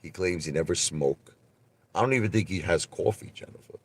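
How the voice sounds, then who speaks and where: A man chatting casually on a live stream, rambling and animated as he tells stories. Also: low voice, brisk, breathy edge. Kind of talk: rambling casual livestream chat.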